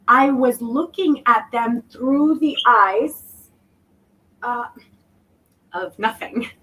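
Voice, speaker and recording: Woman w/ a high voice telling her story, halting and thoughtful, sounds kinda far from the mic. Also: a bit bright. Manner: reflective, halting, restarts often. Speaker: guest. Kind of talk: personal story in an interview. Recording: voice distant from the mic.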